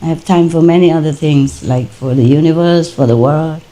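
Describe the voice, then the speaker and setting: Her voice sits low and dark, at an ordinary speed. This older spiritual teacher, whose native language is Vietnamese and who speaks with its accent, recounts a personal story in a casual talk, frequently breaking into laughter.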